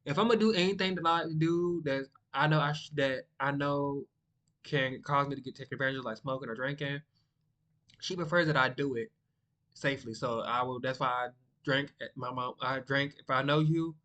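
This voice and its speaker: A young man, chatting casually and rambling to the camera, by his own account monotone. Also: medium pitch, moderate pace. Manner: rambling, sidetracked, self-described monotone. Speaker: vlogger.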